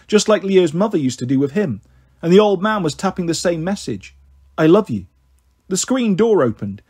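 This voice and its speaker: A man reading a novel aloud as an audiobook, in a steady storytelling manner. His voice sits high for a man and sounds a touch husky. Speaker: audiobook reader. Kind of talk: audiobook narration.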